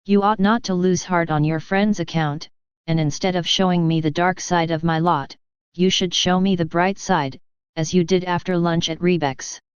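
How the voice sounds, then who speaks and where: A woman reading the lines of a gentle, teasing young shepherdess girl in an audiobook. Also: on the low side, steady tone, moderate pace, smooth, dry recording, dull audio, close to an everyday voice.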